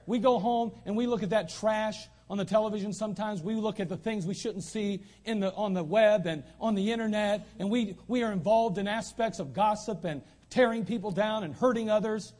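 A man's voice: high-pitched, darkish tone. A man preaching a sermon as pastor, emphatic and repeating lines for stress. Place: church sanctuary.

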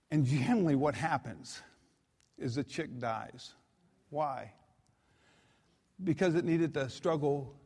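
A man's voice: high-pitched, in a large hall. A man preaching a sermon as a guest preacher, reading scripture and telling homespun stories in a conversational, folksy way. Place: church auditorium.

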